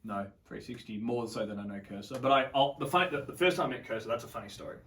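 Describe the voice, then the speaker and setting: A man's voice: mid-range voice, fast talker, fairly bright tone, recorded from a distance, a little hiss or hum. A young Australian man casually telling a long story as a podcast guest, swearing freely and acting out what people said. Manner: swears a lot, acts out quotes.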